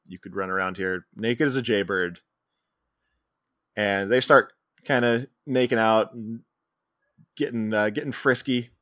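A man's voice: on the low side, a bit bright, no echo, studio quality. A man co-hosting a podcast, casually retelling a film's scenes and quoting its lines. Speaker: podcast co-host. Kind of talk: casual movie recap chat.

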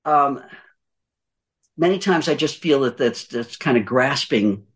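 In an unhurried, mid-range voice with lively intonation, an older guest coach shares voice-over tips during a podcast chat. He is emphatic, circling back to the same points and asking questions he doesn't expect answered.

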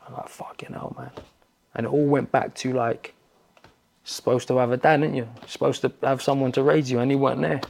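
Podcast guest, London man, middle-aged, gravelly tone, blunt storyteller. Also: medium pitch, steady tone, brisk, darkish tone. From England. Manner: blunt, swears often, tells stories with quoted dialogue. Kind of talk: casual chat.

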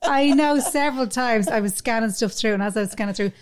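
A woman's voice: a little high, quick pace. A woman in her thirties with an Irish accent, co-hosting a casual chat podcast, chatty and swearing freely. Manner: chatty, swears freely, acts out quoted asides. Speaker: podcast co-host.

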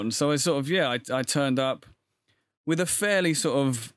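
Young guy, casual guest storytelling, lots of "sort of", mid pitch. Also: moderate pace, fairly bright tone, faint music behind. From England. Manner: rambling, many "sort of" fillers. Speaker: guest, actor. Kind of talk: casual interview chat.

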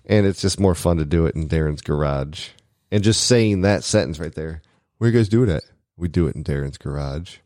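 A man's voice: rumbling low, fairly quick, darkish tone, no echo, clean studio sound. A man co-hosting a podcast in casual chat, making crude jokes and laughing often, recorded in a home garage. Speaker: podcast co-host.

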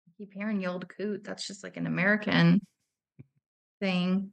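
A woman's voice: fairly low pitch, level tone, moderate pace, vocal fry. A woman guesting on a casual podcast, hesitant and talking herself through her answers. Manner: hesitant, thinks aloud.

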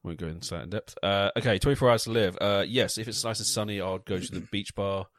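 A man's voice: lowish voice, fast talker, a bit bright, no room sound, clean studio sound. A man co-hosting a casual podcast, trading crude jokes and banter. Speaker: podcast co-host. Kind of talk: casual chat. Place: small indoor room, drinking a pint.

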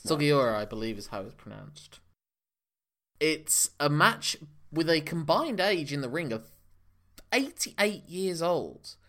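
A man's voice: a little high, very animated, slow, fairly bright tone. A man co-hosting a casual podcast, explaining things at length in a knowledgeable way. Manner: knowledgeable, long explanatory runs. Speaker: podcast co-host. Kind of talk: casual wrestling podcast chat.

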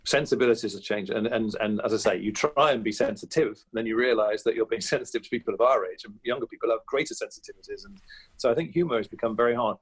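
A man's voice: on the low side, fast talker, slightly rough. A man in his fifties, a comedian talking as an interview guest, chatty and anecdotal, with frequent fillers and restarts. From England. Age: 50s. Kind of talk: reflective interview talk.

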